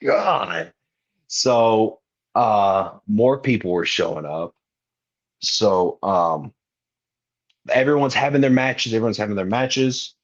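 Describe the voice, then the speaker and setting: Speaking slowly with long pauses, this young wrestler on a podcast has a voice on the low side, and the recording loses its highs. He's an animated storyteller, full of slang, who performs the quotes of people in his casual tales.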